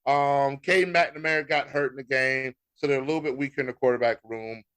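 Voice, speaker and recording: An American man co-hosting a sports podcast, talking in a casual, animated way with laughter and mock exasperation. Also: medium pitch, brisk, clean tone. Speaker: podcast co-host.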